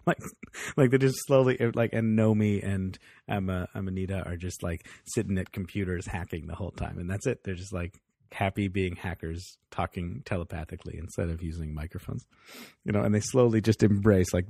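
A man's voice: low-pitched, steady tone, normal speed, creaky, a little mellow, no echo, studio quality. A man co-hosting a podcast, chatting casually about a TV show, laughing often and acting out the characters' lines. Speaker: podcast co-host. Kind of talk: casual TV review chat.

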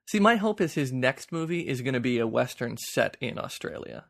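Gravelly-voiced male podcast co-host. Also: mid-range voice, big pitch swings, normal speed. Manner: rambling, restarts a lot, conversational. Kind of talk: casual film chat. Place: home, remote from co-host.

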